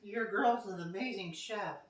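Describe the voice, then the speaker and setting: A cooking vlogger tastes her own food in her home kitchen, gushing emotionally about how well it turned out in this casual vlog. Her mid-range voice moves at a measured pace, recorded by a distant mic with a roomy echo.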